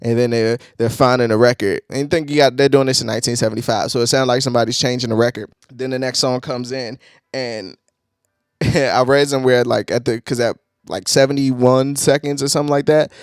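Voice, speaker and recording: Male music reviewer, relaxed and profane, prone to excited laughing bursts; mid-pitched, dry recording. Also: fairly quick, clean tone, dry recording. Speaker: album reviewer, channel host. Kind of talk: casual music review talk.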